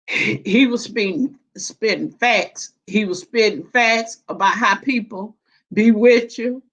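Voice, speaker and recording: A woman chatting casually on a live stream panel, animated and laughing often, with colloquial slang. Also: medium pitch. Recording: dull lo-fi stream audio.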